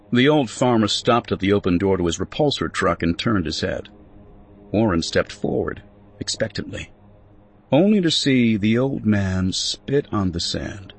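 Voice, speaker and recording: A man reading a story aloud with a low, husky voice. His delivery rises and falls with lively, expressive pitch, as in a steady audiobook narration. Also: a little slow.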